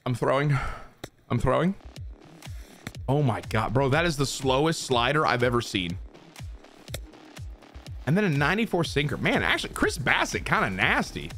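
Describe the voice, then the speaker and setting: A young man commentating his own baseball video game play, excitable and swearing as he talks to himself and his viewers. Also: medium pitch, moderate pace, pauses often, faint music behind. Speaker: gaming streamer. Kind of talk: live gameplay commentary.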